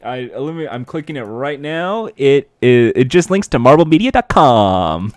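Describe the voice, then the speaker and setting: A man co-hosting a casual chat, animated, laughing often and doing quick impressions of show hosts. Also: medium pitch, dry recording. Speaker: podcast co-host.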